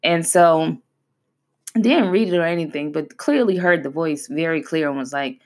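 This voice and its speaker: A woman in her thirties speaks in a slightly low voice as a podcast host. Her talk is candid and heartfelt, loose and conversational, and she leans on repeated phrases to drive each point home. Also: normal speed. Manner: conversational and heartfelt, with emphatic repetition.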